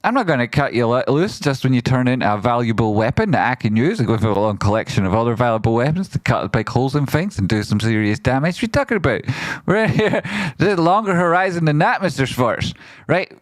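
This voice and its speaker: A man hosting a trading livestream, bouncing between playful shout-outs to viewers and quick remarks on trades. His voice sits at an ordinary middle pitch, and the sound is close and dry with almost no room around it. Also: no echo. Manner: excitable, jokey, rapid shout-outs with playful exclamations. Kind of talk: lively livestream chat, reading out members and donations.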